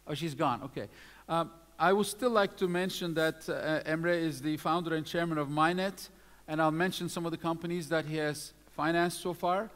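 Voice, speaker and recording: A man's voice: on the high side, fairly even intonation, normal speed, a bit bright. A man presenting awards at a live event, reading out lists of names with many fillers. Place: event hall. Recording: long hall reverb.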